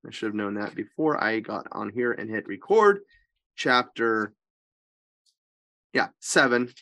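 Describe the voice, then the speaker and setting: A man's voice: fairly low pitch, very animated, unhurried, sharp tone. A man, a priest, leading an informal Bible study. He speaks emphatically, keeps checking in with his listeners and often restarts or corrects himself mid-sentence. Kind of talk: informal scripture teaching.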